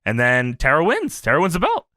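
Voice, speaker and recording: Animated, bright-voiced male podcast host. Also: fairly high pitch, a little fast, no echo, studio quality. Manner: animated, recaps scenes and acts out quotes, laughs often. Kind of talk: casual chat. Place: podcast studio.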